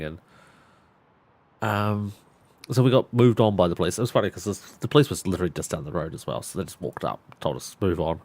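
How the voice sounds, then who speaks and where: A man's voice: lowish voice, moderate pace, pauses often. A man in his thirties chatting on a live stream, telling a story with lots of laughter and swearing. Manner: laughs a lot, swears freely, animated storyteller.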